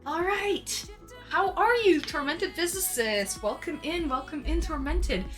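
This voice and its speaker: A woman's voice: very high voice, a little slow, a bit bright. A woman live-streaming, chatting casually with her viewers, greeting them by name and laughing a lot. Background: faint background music.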